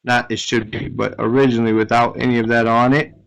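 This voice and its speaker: A man's voice: mid-range voice, flat delivery, quick pace, gravelly, low-quality recording. A man teaching an Arabic grammar lesson, explaining step by step and often checking with "right?".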